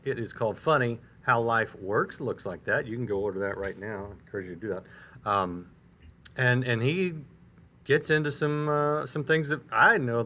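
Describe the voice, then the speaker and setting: A man hosting a live talk show, introducing and questioning a guest in an upbeat, slightly halting way. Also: medium pitch, sharp tone. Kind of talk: interview host introduction.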